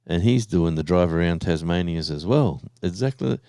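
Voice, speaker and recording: Easygoing Australian guy hosting a live stream, low mellow voice, dry close sound, rambling chatty delivery. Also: lively intonation, moderate pace, clean tone, no room sound. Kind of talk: casual live stream chat.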